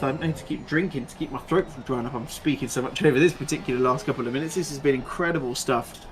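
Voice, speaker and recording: A man commentating live on a sim race with a fairly high voice. His calls are rapid and excitable, and he chats and laughs between the action over a faint background hiss. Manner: excitable, chatty, laughs often, rapid play-by-play.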